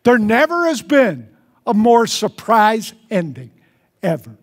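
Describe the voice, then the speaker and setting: A man's voice: sits high, huge pitch swings, slow. A male pastor preaching a sermon in an earnest way, repeating key phrases for emphasis and leading the congregation. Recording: church service recording.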